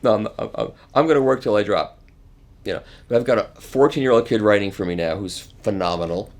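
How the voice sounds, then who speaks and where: A man's voice: lowish voice, a little fast. Older man telling anecdotes. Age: 70s. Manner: animated, acts out quoted voices, chuckles. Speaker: interview guest. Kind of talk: casual anecdotal storytelling.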